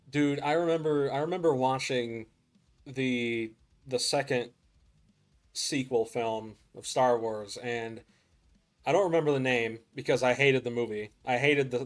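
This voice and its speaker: A young man chatting casually to viewers while playing a game, rambling and laughing often. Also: medium pitch. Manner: rambling, laughs often, says "dude" a lot. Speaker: gaming streamer. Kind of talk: casual gameplay chat.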